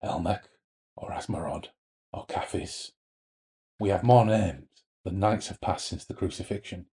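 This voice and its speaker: A man reading aloud from a horror novel, voicing a sinister ancient male demon in a throaty, low, quiet and menacing way. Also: unhurried.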